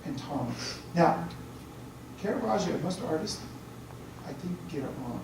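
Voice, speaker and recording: A man's voice: on the high side, animated, moderate pace. A priest giving a chatty lecture, often checking in with his listeners. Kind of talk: conversational lecture. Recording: very echoey room, distant mic, faint hiss.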